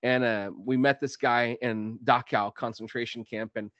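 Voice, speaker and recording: A man from Dallas, hosting a podcast and telling stories with lively quoted voices. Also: mid-range voice, moderate pace, no room sound, muffled recording. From Dallas, Texas. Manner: animated storyteller, acts out quotes. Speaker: podcast host. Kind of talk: casual chat, storytelling.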